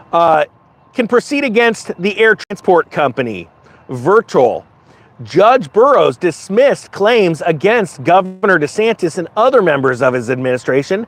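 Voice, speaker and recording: Lively sarcastic man. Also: high-pitched. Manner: sarcastic, acts out mocking voices. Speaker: commentary channel host. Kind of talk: sarcastic news commentary.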